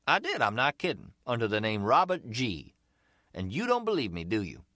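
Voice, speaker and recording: Man voicing a smooth-talking middle-aged street hustler, slangy and teasing, bright lively voice, for an audiobook. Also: medium pitch, moderate pace, no echo, clean studio sound, pitched above the performer's own voice. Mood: chatty. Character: slick streetwise male umbrella hustler, middle-aged, easygoing.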